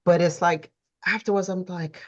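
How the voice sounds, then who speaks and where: A woman's voice: fairly low pitch, fairly even intonation, moderate pace. Chatty woman host, dull lo-fi sound. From Canada. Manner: chatty, many fillers like you know. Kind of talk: casual conversation.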